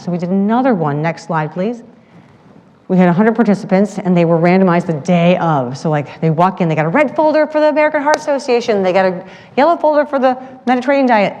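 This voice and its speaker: Animated woman presenter in a reverberant hall. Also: on the low side, lo-fi sound. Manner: lively, acts out quoted voices. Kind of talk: animated storytelling talk with slides.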